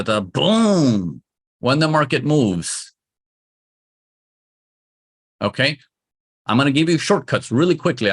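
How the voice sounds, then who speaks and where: A man's voice: medium pitch, breathy edge. A man teaching trading to a live audience, emphatic and repetitive, coaxing his listeners along. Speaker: trading instructor.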